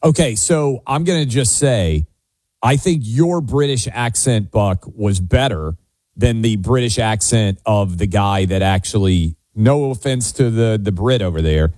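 A man's voice: fairly low pitch, unhurried, darkish tone, dry recording. A man co-hosting a radio talk show and taking calls, chatty with frequent restarts. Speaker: radio host.

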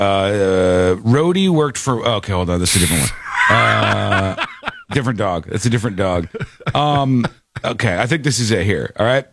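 Man, talk show host, lively swooping pitch, dry close sound, rambling animated chat. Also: no room sound. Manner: animated, rambling storyteller with quick asides.

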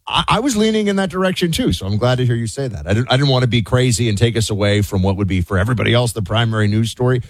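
A man co-hosts a talk radio show, animated and teasing in casual banter. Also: medium pitch, rapid-fire, few pauses, no echo. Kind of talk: casual political chat.

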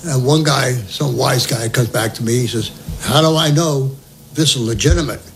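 A man's voice: medium pitch, normal speed, a little hiss or hum, low-quality recording. An older man telling a war story for an oral history recording, humorous, acting out the dialogue. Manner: lively, humorous, acts out dialogue.

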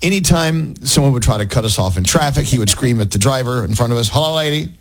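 A man's voice: medium pitch, expressive, quick pace, poor audio. A middle-aged man co-hosting a radio morning show, chatting with a caller and telling stories with frequent restarts. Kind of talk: casual on-air banter with a caller.

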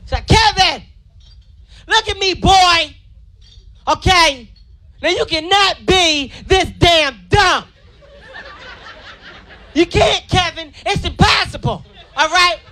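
A man putting on the voice of an angry, fed-up mother who shouts at her child during a stand-up routine. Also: extremely high pitch, voice pushed up, exaggerated voice. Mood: scolding, shouting. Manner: shouting, exasperated, drawn-out emphasis. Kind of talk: stand-up comedy act-out. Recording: live club crowd and noise.

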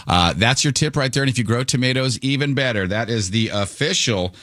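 A man's voice: mid-range voice, lively intonation, fairly quick, a bit bright, dry recording, studio quality. A man hosting a radio morning show, chatting in a joking, self-deprecating way. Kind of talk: casual on-air banter.

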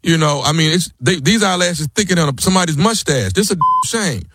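A man calling a salon and complaining loudly and repetitively. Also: a little high, expressive, a little fast, slightly rough, no echo, studio quality. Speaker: caller.

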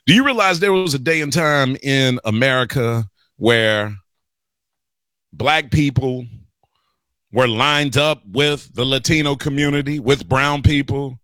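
A man hosting a talk radio show, rambling through an animated political monologue and calling listeners y'all and guys. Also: mid-range voice, a little slow, dry recording. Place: radio studio.

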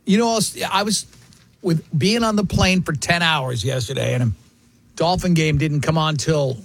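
Husky animated radio host man. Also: fairly high pitch, moderate pace. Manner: animated storyteller, mimics voices in quotes. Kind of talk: casual sports radio banter.

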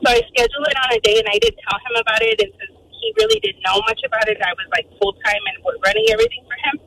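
Fast, animated woman caller on a phone line. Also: fairly high pitch, vocal fry. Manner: animated, quotes people in voices. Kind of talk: phone-in storytelling. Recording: phone line with faint noise.

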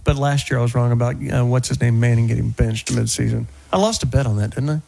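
A man hosting a radio talk show, joking and telling stories in a casual, animated way from the studio. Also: medium pitch, fast, vocal fry. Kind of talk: casual sports radio chat.

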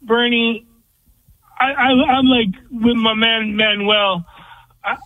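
A man's voice: extremely high pitch, flat delivery, slow pace. A man calling in to a sports radio show, blunt and opinionated. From California. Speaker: caller. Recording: tinny phone line.

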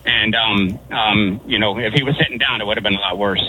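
A man from Connecticut calling into a radio show, rambling through a story with many pauses and restarts. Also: on the low side, pushed and bright, slight background noise, rough recording. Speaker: caller. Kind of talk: phone-in storytelling.

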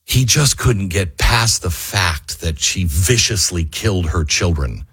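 Male radio talk host, husky, voice swings wide when worked up, fiery monologue. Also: low voice, expressive, a little slow, few pauses. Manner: rising to near-yelling, fiery and exasperated. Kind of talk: impassioned political monologue. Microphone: studio microphone.

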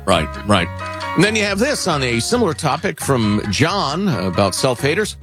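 A man's voice: moderate pace, over music. A man co-hosting a radio talk show, chatting casually and reading listener mail aloud in a playful way. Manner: lively, playful, reads letters aloud with shifting pitch. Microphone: studio microphone.

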